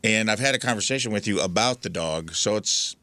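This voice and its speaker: Bright-voiced man telling a story. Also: lowish voice, brisk, no room sound. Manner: animated storyteller, acts out quotes. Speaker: radio show host. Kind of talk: casual studio banter, storytelling. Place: radio studio. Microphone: studio microphone.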